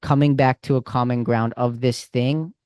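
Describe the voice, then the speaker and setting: Male coach, casual and animated, mid-pitched, dry close sound. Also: moderate pace, smooth, no echo. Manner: casual, animated, talks with friendly slang. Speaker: communication coach. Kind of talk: coaching over a call.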